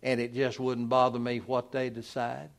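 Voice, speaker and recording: A pastor, preaching a sermon in an emphatic, exhorting manner. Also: male voice, completely flat delivery, moderate pace, gravelly. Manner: preachy, emphatic, rising to loud exhortation then dropping low.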